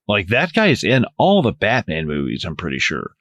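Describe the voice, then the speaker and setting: A man's voice: medium pitch, moderate pace, no room sound, clean studio sound. A man co-hosting a podcast, chatting casually about a film in a rambling way, with frequent restarts and swearing. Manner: rambling, lots of restarts and swearing, animated asides. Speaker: podcast co-host. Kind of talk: casual film commentary chat.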